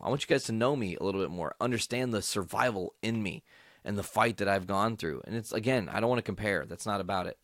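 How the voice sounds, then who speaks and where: Deep-voiced man telling a raw story. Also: fast, fairly bright tone, no echo, clean studio sound. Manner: angry, profane, emphatic rants. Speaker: podcast host. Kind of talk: personal storytelling monologue.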